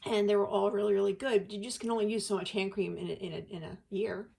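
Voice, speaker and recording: A woman's voice: medium pitch, steady tone, fast, vocal fry, darkish tone. A woman hosting a casual unboxing chat, talkative and giggly as she thinks aloud. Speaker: host.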